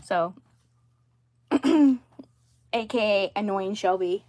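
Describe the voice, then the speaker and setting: A woman chatting casually while showing her dolls, rambling with fillers and frequent throat clearing. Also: mid-range voice, very slow, warm tone. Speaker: doll collector livestreamer.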